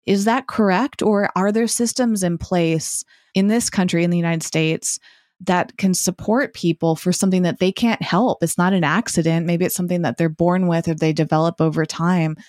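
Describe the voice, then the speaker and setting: A woman's voice: on the low side, steady tone, normal speed, a little mellow, no room sound, clean studio sound. A woman hosting an interview, asking thoughtful, reflective questions. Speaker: podcast host.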